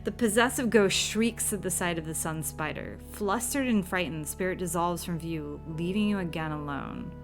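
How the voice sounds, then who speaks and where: A woman's voice: lowish voice, normal speed, hardly any pauses, over music. A woman playing through an old horror computer game, reading its text aloud with dramatic flair and dropping wry asides. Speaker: game streamer.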